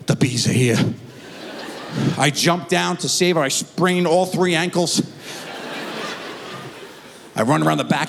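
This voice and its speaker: A middle-aged man telling a stand-up comedy story on stage, acting out his kids in high squeaky voices. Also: fairly bright tone. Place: theater stage before a live audience. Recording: stage mic in a large reverberant hall.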